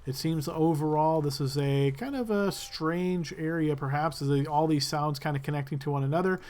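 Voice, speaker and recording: A man's voice: a little high, normal speed, darkish tone. A man narrating a tabletop game as game master, describing loosely with many fillers.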